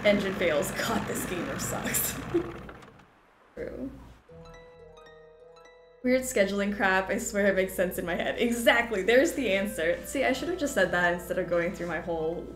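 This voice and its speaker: A woman's voice: medium pitch, expressive, unhurried, pauses often. A young adult woman chatting casually on a game stream, rambling, giggling and poking fun at herself. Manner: rambling, giggly, self-deprecating. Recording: roomy sound with game music. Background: game music.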